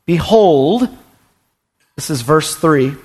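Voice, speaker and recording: A man preaching a sermon from the pulpit in a fairly high voice. He delivers it with fervor, hammering his key phrases again and again, and his words sometimes tumble into quick stammers as he presses on. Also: animated. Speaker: pastor.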